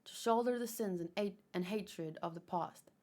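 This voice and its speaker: A woman's voice: mid-range voice, moderate pace, a little mellow, natural voice. A woman voicing a weary older hunter father who speaks steadily and solemnly, in a manga read-aloud.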